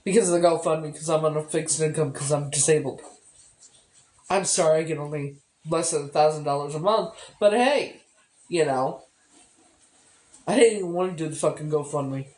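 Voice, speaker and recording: A woman's voice: low voice, normal speed, long pauses, darkish tone. A woman venting in a bitter, tearful monologue, swearing heavily and repeating herself. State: upset and tearful. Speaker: vlogger. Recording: echoey room.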